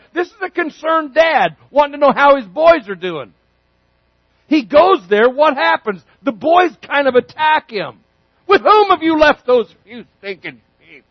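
A man preaching a sermon, telling a story with lively energy and acting out the characters' voices. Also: very high voice, husky, no echo, dull audio. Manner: animated storytelling, acts out voices.

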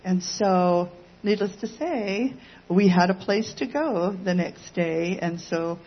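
A woman, a pastor's wife, telling her part of a testimony in a casual, halting way. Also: fairly low pitch, muffled recording. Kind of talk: testimony sermon.

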